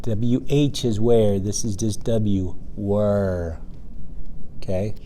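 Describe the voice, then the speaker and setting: A man teaching a reading lesson to young children, speaking slowly and patiently in a sing-song way and stretching words out. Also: a little hiss or hum. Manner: bursts loud and high when excited.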